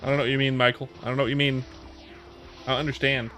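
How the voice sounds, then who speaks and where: A man's voice: medium pitch, flat delivery, racing, sharp tone, soft background music. A man in his thirties chatting casually on a livestream, answering viewer questions in a rambling way with many restarts and repeated words. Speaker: streamer.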